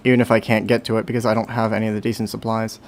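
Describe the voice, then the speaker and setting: A man's voice: on the low side, flat delivery, very fast, slight background noise. A young man chatting casually on a livestream while playing, rambling and talking to himself. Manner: rambling, self-talk with hums and sound effects. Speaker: streamer.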